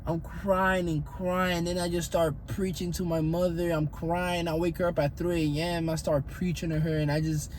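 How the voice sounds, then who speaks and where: A man's voice: fairly high pitch, little pitch movement, normal speed, few pauses, dark tone, slight background noise. A young man telling his own faith story in an earnest, rambling way, often repeating himself. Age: young adult. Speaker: fitness coach vlogger. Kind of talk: personal faith testimony.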